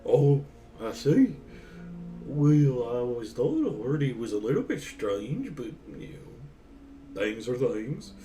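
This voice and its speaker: A man voicing a quiet, hesitant adult man companion, recorded from a distant mic over faint music. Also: medium pitch, sing-song, slow, echoey room. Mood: mild. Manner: hesitant, soft-spoken.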